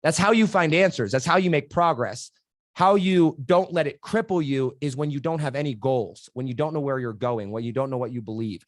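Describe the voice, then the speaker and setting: A man's voice: mid-range voice, fairly quick, no room sound, clean studio sound. A young adult man speaking as a podcast guest, telling stories energetically with frequent "like" and "right?". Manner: energetic, animated storytelling with many "like" and "right?". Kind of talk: candid interview conversation.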